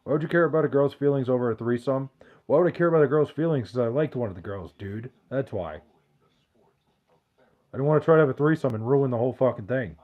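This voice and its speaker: A man's voice: medium pitch, lively intonation, fast, phone-quality sound. A man hosting a podcast, reading out chat questions in loose, profane, joking banter. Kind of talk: casual chat.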